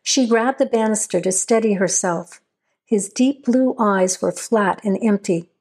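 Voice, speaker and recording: A woman reading a horror story aloud as a scripted narration, at a steady, measured pace. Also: mid-range voice, slightly rough.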